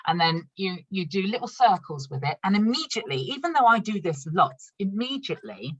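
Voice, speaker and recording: A woman's voice: medium pitch, sing-song, fairly quick, breathy edge, no room sound, muffled recording. A woman running an online training session for new consultants. She talks in a chatty, upbeat way, laughs often and shows products as she explains them. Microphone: video call.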